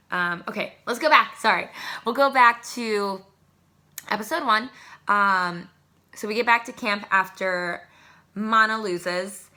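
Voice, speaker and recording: Bright, chatty young woman vlogger. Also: medium pitch. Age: young adult. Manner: chatty, excitable, animated asides. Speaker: vlogger recapping a reality show. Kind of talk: casual chat.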